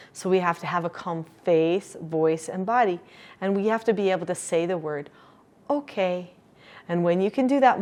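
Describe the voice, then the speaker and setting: Middle-aged woman, calm steady explaining voice, parenting lesson to camera. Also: mid-range voice. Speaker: parenting educator. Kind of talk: instructional talk to camera.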